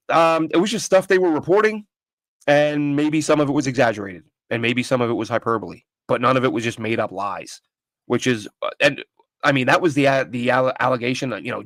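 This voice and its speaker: A man's voice: mid-range voice, fairly quick, a bit bright, dry recording. A man hosting a casual sports talk show from home, opinionated and rambling, with frequent restarts. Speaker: podcast host. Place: home studio with his dog nearby.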